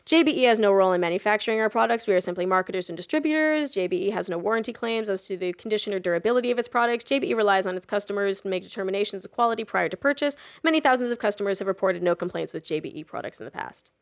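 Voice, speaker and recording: A woman doing a loud, smug salesman man. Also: very fast, hardly any pauses, lightly acted. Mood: boastful. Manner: loud, boastful showman pitch. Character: brash, smug man selling kitchen gadgets.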